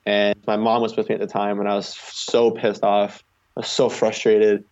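Rambling young man, low muffled voice. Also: flat delivery, normal speed, darkish tone. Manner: rambling, heavy use of "like" fillers. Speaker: guest, long-distance charity cyclist. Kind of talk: casual storytelling interview. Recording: slightly muffled recording.

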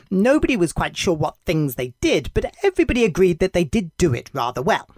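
A devotional podcast host narrating a children's story, gentle and clear. The pitch rises and falls with lively movement, and the voice sounds dry and close to the mic. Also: no room sound.

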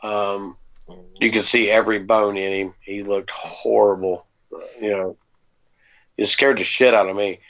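A man with a gravelly, low-fried voice at an ordinary pitch spins a rambling anecdote in an easygoing, profane way, dotted with ums. The audio is dull and lo-fi, like a home podcast recording. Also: fairly even intonation, measured pace, pauses often, fairly bright tone. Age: adult parent. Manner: laid-back, swears freely, many ums. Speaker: podcast co-host. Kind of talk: casual storytelling chat.

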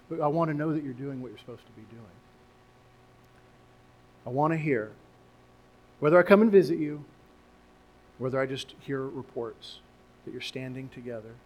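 A man preaching a sermon as pastor, swinging from quiet, drawn-out phrases to loud, emphatic cries. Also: a little high, low-quality recording. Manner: slows to drawn-out, deliberate phrases. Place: church sanctuary.

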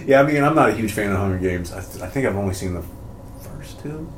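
A man's voice: fairly low pitch, lively intonation, fast talker. A man co-hosting a casual movie podcast, agreeable and hesitant, often restarting his sentences. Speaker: podcast co-host. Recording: echoey room with faint noise.

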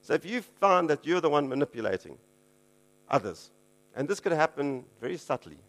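A man's voice: a little high, very animated, moderate pace, fairly bright tone. A man preaching a casual teaching sermon, conversational, with chuckling asides and frequent checks like "okay".

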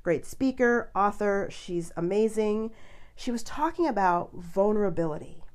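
Woman host, chatty storyteller, mid-pitched voice, casual and easygoing. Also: expressive, measured pace, a little mellow. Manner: chatty storyteller, laughs often. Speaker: podcast host. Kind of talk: casual chat.

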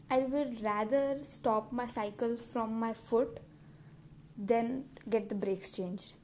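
A woman's voice: a little high, fairly even intonation, slow pace, a little mellow. A teenage girl talking casually to camera in a rambling, self-mocking way with lots of giggles. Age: teens. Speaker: vlogger. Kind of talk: casual vlog monologue. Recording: faint background noise.

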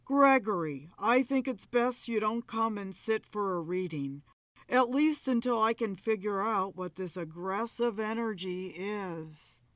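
A woman voicing a male spirit medium who is possessed, wailing in slow, drawn-out moans. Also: mid-range voice, animated, fairly bright tone, no echo. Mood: pleading.

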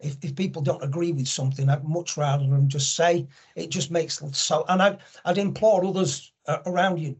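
A man's voice: on the high side, steady tone, normal speed, few pauses, a little mellow, slightly rough. A middle-aged man talking candidly as a podcast guest, telling stories with lots of restarts. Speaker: podcast guest, angel network founder. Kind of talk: conversational storytelling.

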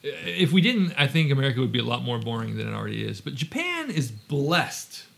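A man's voice: medium pitch, very animated, fairly quick, vocal fry, a bit bright. A man hosting a podcast interview, chatty and teasing, with lots of "like" fillers. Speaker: podcast host. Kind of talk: casual interview chat.

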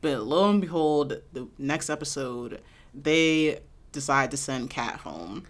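A woman's voice: very deep voice, expressive, slow. A woman co-hosting a casual chat, laid-back and laughing often. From United States.

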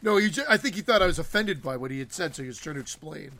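Easygoing podcast guy, pretty high voice, swings around a lot. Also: lively intonation, racing, creaky, bright, forceful tone. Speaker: podcast co-host. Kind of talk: casual podcast chat.

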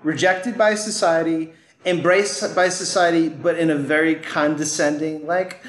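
A man co-hosting a podcast in casual film talk, agreeable and quick to chime in, often stumbling on restarts. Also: on the high side, fairly even intonation. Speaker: podcast co-host. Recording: roomy echo.

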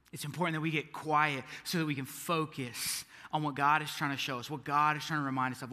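High, bright young pastor in an echoey hall. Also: male voice. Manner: casual, storytelling, swings from hushed to emphatic. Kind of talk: sermon. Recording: echoey hall with long reverb.

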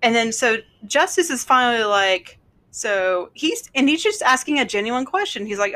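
A woman's voice: on the high side, animated, normal speed, pushed and bright. A woman in casual chat, recapping a show with a friend, reading quotes aloud and adding blunt, exasperated asides.

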